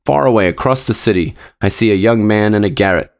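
A noble statue prince from a storybook fairy tale, sorrowful yet gently commanding, as a male reader puts him on. The voice sits low and slow, with a solemn weight on each phrase. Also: creaky.

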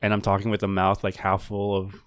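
A man's voice: on the low side, monotone, brisk, clean tone, dry recording. A man chatting casually on a podcast, joking and a bit self-critical. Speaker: podcast player. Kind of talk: casual chat.

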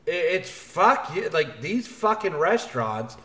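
A man on a podcast, heated and swearing freely as he rants through casual chat. His voice sits a little high, and it rings with a roomy echo. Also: very animated, measured pace, sharp tone. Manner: profane, fired-up ranting. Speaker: podcast co-host.

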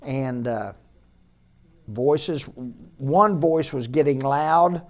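A man's voice: medium pitch, very slow. A man, a pastor, preaching a sermon in a conversational way and repeating key phrases for emphasis.

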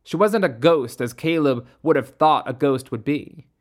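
Narrator, ghost story, measured, steady, mid pitch.

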